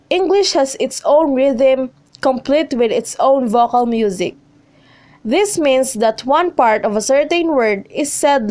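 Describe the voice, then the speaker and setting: High-voiced woman reading a slow lesson. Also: darkish tone. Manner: slow, careful reading with pauses between listed words. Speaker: student presenter. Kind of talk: reading a lesson script on word stress.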